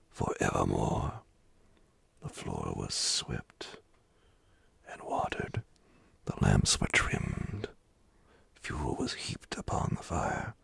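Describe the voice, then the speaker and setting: A man tells a bedtime story in a soft whispered role-play. His whisper is deep, gravelly and very breathy. The pace is slow and the sound is dry and close. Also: no room sound.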